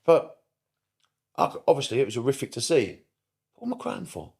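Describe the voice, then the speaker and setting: A middle-aged man, a therapist guest on a casual podcast, talking in an animated way, swearing often and repeating himself for emphasis. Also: mid-range voice, a little fast, vocal fry, breathy edge. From United Kingdom.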